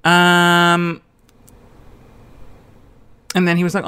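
A woman's voice: fairly low pitch, lively intonation, normal speed, long pauses, fairly bright tone. A woman, a comedian telling a rambling, self-mocking story on her podcast.

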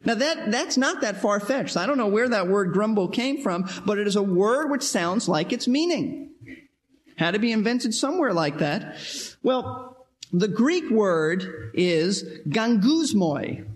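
High-voiced, animated male preacher. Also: unhurried. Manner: animated, acts out quoted voices and sounds; repeats words as he restarts. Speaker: Bible teacher. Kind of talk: expository sermon.

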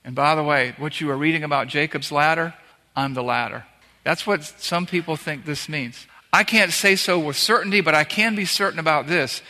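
A man's voice: a little high, moderate pace, sharp tone. A man preaching a conversational sermon, acting out the lines he quotes. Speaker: pastor. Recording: long hall reverb.

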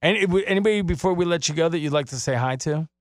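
A man with a high voice co-hosts a radio show, gushing over his guests with big exclamations. His voice is dry and close to the studio mic. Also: rapid-fire, no room sound. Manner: enthusiastic, exclamatory. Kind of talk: radio talk show interview. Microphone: studio microphone.

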